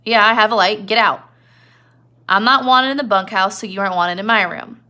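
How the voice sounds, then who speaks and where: A curt, blunt voice of a bitter older stable hand who keeps everyone out, as a woman puts him on. It has a gravelly, forceful edge and a resentful bite. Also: a little high, lively intonation, a little fast.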